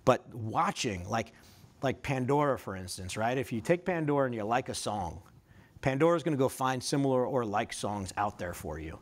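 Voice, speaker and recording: A man's voice: medium pitch, lively intonation, normal speed. Guy in his 30s giving a laid-back career talk, jokey about himself, keeps asking "right?". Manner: conversational, self-deprecating, frequent tag questions. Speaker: career fest speaker. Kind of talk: casual presentation to law students.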